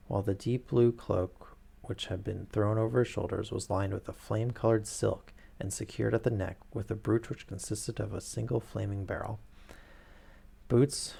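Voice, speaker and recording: Gravelly man reading a story aloud. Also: on the low side, darkish tone. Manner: stumbles and corrects himself, adds asides. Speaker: streamer reading a book aloud. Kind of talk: casual read-aloud narration.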